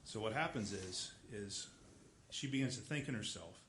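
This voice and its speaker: A low-voiced man gives an informal lecture, retelling a story in a loose, rambling way. He fills pauses with "uh" and "you know" and keeps correcting himself as he goes. The recording sounds roomy and echoey, with a faint hiss underneath. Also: expressive, a bit bright. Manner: rambling, filler-heavy, self-correcting. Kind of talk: casual lecture retelling an opera plot.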